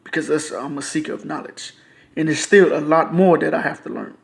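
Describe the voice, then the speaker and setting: A frustrated man, ranting to camera in a loose, profane, repetitive way. His voice sits a bit high for a man, and he keeps circling back to the same points. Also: fairly even intonation, fairly quick, creaky. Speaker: YouTuber. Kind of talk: casual ranting monologue.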